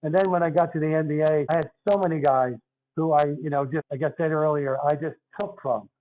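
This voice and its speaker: A man's voice: a little high, steady tone, a little fast, a little mellow, low-quality recording. An older man with a Philadelphia accent, a guest telling stories in an earnest, conversational way. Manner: earnest, storytelling. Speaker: guest, retired basketball referee. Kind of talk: casual interview talk.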